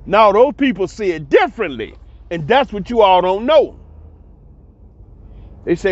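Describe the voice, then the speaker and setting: A man's voice: high voice, big pitch swings, unhurried, long pauses, highs cut off. A man giving a casual spoken commentary, blunt and emphatic, repeating himself and swearing freely. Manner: emphatic, repetitive, blunt and profane. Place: abroad.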